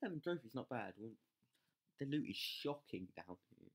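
A gamer commentating live gameplay, excitable, yelling at troops, swearing and mocking themself. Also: mid-range voice, normal speed. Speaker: game channel host.

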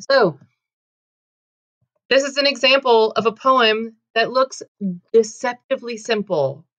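A woman's voice: fairly high pitch, slow pace, fairly bright tone. Chatty woman teaching a poetry lesson. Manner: chatty, filler-heavy, self-correcting.

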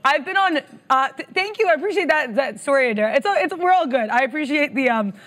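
A woman's voice: sits high, animated, fast talker, a bit bright. A woman co-hosting a live trading stream, chatty and bubbly.

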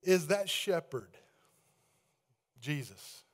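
In a church sanctuary with a balcony, a pastor with a fairly high, animated voice and drawn-out words preaches a sermon. He reads scripture aloud with the congregation in call-and-response and asks them to raise their hands. He swings between loud proclaiming and hushed, quiet prayer.

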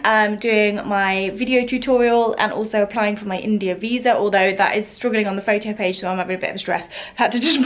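A young woman vlogging casually at home, chatty and exasperated as she rants, with sighs and laughs. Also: mid-range voice. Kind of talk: casual vlog chat to camera. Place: home flat, indoors.

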